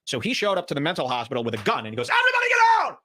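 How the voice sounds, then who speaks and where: A man hosting a podcast, giving sarcastic, mocking commentary over clips he plays and telling animated stories. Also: mid-range voice, racing. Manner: sarcastic, mimicking, animated storytelling. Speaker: podcast host.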